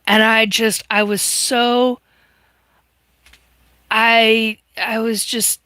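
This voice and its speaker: A woman hosts a live stream and speaks slowly, taking her time. Her voice is bright and forward, and the sound is close and dry. She tells her story earnestly and emphatically and keeps restarting her sentences. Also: a little high, level tone, smooth, no room sound. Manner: occasional mild swearing. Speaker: host. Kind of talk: casual live-stream chat.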